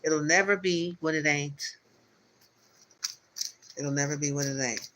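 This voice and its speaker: A man's voice: on the high side, measured pace, very noisy. A man giving a spiritual tarot reading on a live stream, talking in loose, repetitive, encouraging circles. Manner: rambling, repetitive, spiritual pep talk. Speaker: tarot reader.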